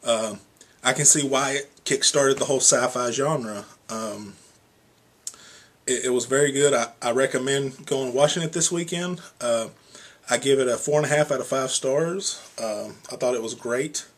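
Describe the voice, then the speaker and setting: Speaking at medium pitch and a moderate pace, a young man offers a loose, rambling review of a movie, heavy with fillers like "you know" and "um."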